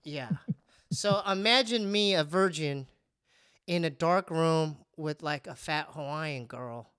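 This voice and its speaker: A man's voice: a little high, takes it slowly, smooth, dry recording, clean studio sound. A man telling a comic personal story in casual chat, stammering and poking fun at himself. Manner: animated, stammering, self-mocking.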